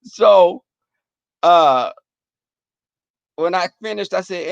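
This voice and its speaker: A man on a live stream tells rowdy, profane stories to his chat with animated energy. His voice sits a little high and has a gravelly, fried edge. The recording is dry and close, with no room sound. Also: unhurried, pauses often, no echo, muffled recording. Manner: profane, animated, laughing storyteller. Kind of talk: casual storytelling to a chat.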